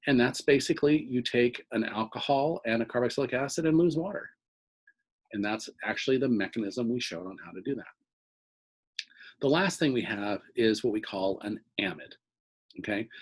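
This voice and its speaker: A man's voice: mid-range voice, low-quality recording. A man teaching organic chemistry in a recorded lecture, explaining step by step and often checking in with "okay?".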